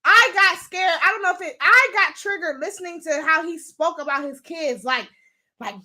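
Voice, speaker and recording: A woman's voice: extremely high pitch, moderate pace, bright, forceful tone. A young adult woman hosting a casual commentary show, talking bluntly and animatedly, swearing freely and laughing often. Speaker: show host.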